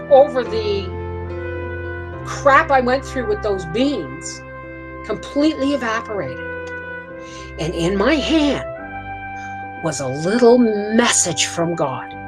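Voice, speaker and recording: A woman's voice: medium pitch, low-quality recording. A woman vlogging from her homestead, telling a rambling, emotional story in a folksy, chatty way. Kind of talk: casual storytelling to camera.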